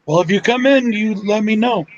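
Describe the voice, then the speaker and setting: A man's voice: sits high, moderate pace, dull audio, slight background noise. A man hosting a casual group chat online, laid-back and swearing casually. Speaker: host.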